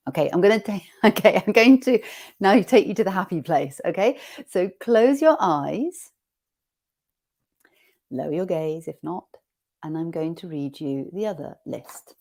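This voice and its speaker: A woman leading an online teacher-training session, guiding the group through an awareness exercise in a gentle, inviting way. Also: on the low side, expressive, creaky. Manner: gentle, inviting, slows for guided reading. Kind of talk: guided classroom exercise.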